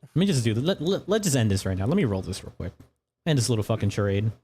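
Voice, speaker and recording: A man's voice: fairly low pitch, sing-song, fast, mellow. A man narrating as game master of a tabletop game, talking loosely with profanity and frequent laughs.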